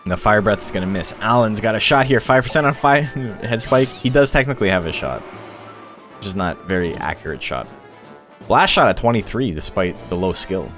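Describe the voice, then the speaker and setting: A man with a fairly low voice commentates video game battles for his stream in an easy, chatty way. He laughs often while telling stories. Soft game music plays faintly behind him. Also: lively intonation, normal speed. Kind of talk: casual live-stream commentary.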